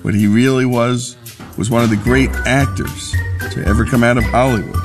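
A man's voice: mid-range voice, fairly even intonation, moderate pace. A man hosting a radio story show, narrating in an earnest, emphatic style. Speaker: radio host. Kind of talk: scripted narration. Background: music.

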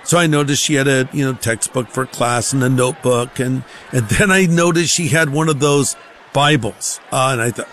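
A man's voice: mid-range voice, normal speed, fairly bright tone, slight background noise. A male pastor telling a personal testimony in a conversational sermon style, acting out the voices of others. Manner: conversational, acts out quoted voices.

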